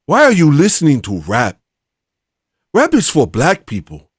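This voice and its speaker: A man's voice: on the high side, huge pitch swings, a little slow, slightly rough, no room sound, studio quality, pitched above the performer's own voice, exaggerated voice. A man putting on an African accent to play a preachy man lecturing white people on their culture, stern and drawn out.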